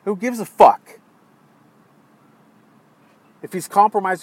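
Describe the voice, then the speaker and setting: High-voiced man in a profane rant. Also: takes it slowly, dry recording. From United States. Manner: heavily profane, swings between muttering and yelling; exasperated. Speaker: political commentator. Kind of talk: angry political rant.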